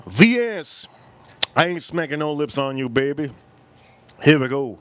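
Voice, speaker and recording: A man's voice: medium pitch, fairly even intonation, normal speed, a bit bright, clear, resonant tone. American dude on a livestream, rambling crude banter w/ chat, sipping drinks as he goes. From United States. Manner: drinking on stream between lines. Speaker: livestream host.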